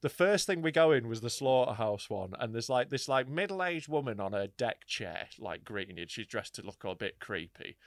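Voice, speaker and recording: A man's voice: medium pitch, sing-song, normal speed, hardly any pauses, no echo, clean studio sound. A young man telling a story in casual podcast chat. He swears freely and acts out the people he describes. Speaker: podcast co-host.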